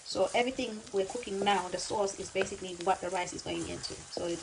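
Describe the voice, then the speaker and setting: A woman's voice: medium pitch, fast, creaky, background noise. A woman chatting casually while she cooks in her home kitchen, repeating words and calling her viewers babe. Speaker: cooking vlogger. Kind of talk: casual cooking chat to camera. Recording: loud frying and sizzling behind.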